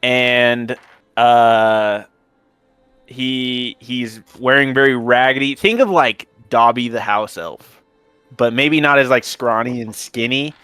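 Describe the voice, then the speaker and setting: A man's voice: medium pitch, takes it slowly, pushed and bright, smooth, no room sound, soft background music. A man running a tabletop game as game master, narrating in a casual, rambling way full of fillers.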